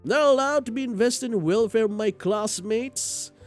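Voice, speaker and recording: A man voicing an earnest teenage girl in a visual novel game, gently asking questions. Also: very high-pitched, normal speed, faint music behind, pitched above the performer's own voice. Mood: concerned.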